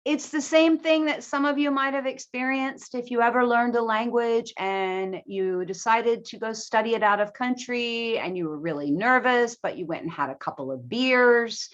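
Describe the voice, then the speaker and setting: A woman teacher giving a presentation to other teachers, with a clear, emphatic teaching voice and lively intonation. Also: on the high side, lo-fi sound. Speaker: ESL teacher.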